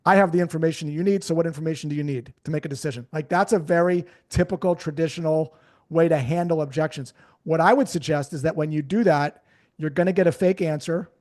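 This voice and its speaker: A man's voice: a little high, fast talker, darkish tone. A man who is a guest sales trainer, talking in a casual podcast conversation, explaining his points with examples and speeding up to make them.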